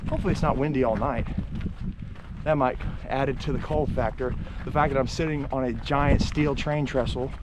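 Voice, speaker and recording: A man vlogging casually outdoors near railroad tracks, rambling with many fillers and sometimes dropping to a hush. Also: mid-range voice, steady tone, fairly quick, very noisy. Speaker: urban explorer vlogger. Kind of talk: casual vlog narration.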